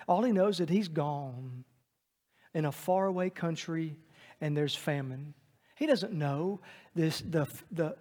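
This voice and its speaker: A man preaching a sermon dynamically, swinging between loud emphatic lines and hushed ones. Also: on the high side. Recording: long reverb of a large hall.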